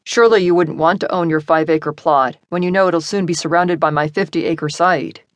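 A woman's voice: fairly low pitch, normal speed, dry recording, lightly acted. A woman voicing a cool tycoon man. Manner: calm, smooth and confident. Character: self-assured male real estate tycoon, cool.

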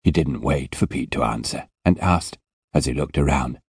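A man narrating a dark fantasy audiobook in an unhurried, expressive storytelling manner. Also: a bass voice, slightly rough, no echo, studio quality. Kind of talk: scripted narration.

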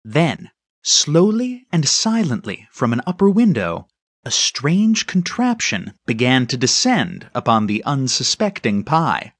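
A man narrating a children's audiobook with a lively, storytelling delivery and a husky voice. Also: medium pitch, measured pace, no room sound. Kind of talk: scripted narration.

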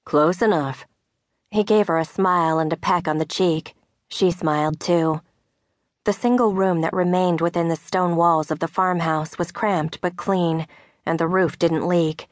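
A woman narrating an audiobook in a measured, soft-spoken way. Her voice sits slightly low for a woman. The studio recording is dry and close. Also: fairly even intonation, dry recording. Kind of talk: scripted narration. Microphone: studio mic.

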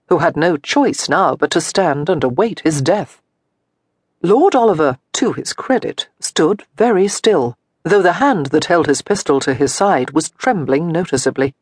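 A woman narrates an audiobook from a script in a measured, expressive storytelling manner. Her voice is fairly low. The recording is studio quality with no room sound.

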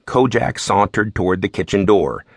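A man narrating a mystery novel in the first person, in a relaxed, wry storytelling manner. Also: lowish voice, normal speed, creaky, slightly rough, no room sound, studio quality. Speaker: audiobook narrator.

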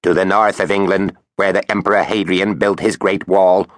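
A man voicing a boastful male robot toilet with a quacky robotic voice, impatient and excitable, in a children's audiobook. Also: deep voice, moderate pace, no room sound, natural voice.

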